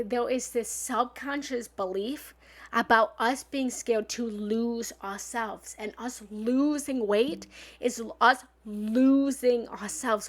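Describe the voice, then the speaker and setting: Emphatic higher-voiced woman coaching live. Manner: emphatic, swinging from loud bursts to soft asides; blunt, occasionally swears. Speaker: spiritual love coach. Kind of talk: livestream self-help coaching talk.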